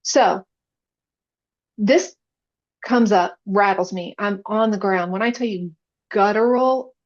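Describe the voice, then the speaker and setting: A woman's voice: mid-range voice, lo-fi sound. A woman podcast guest, a chaplain, telling her personal faith story in an earnest, emotional way.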